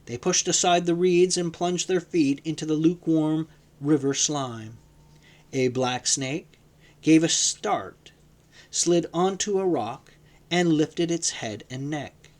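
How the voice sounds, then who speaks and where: A man reading a novel aloud in a measured, dramatic narration. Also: on the high side, a little mellow. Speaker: audiobook reader. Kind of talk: scripted narration.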